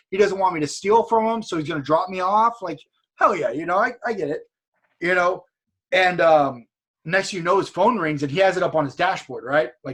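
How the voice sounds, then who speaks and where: Casting: guy, husky voice a little high, swears freely, rambling excited storyteller, video call. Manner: profane, excitable anecdote-telling. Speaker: podcast guest. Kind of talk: casual storytelling.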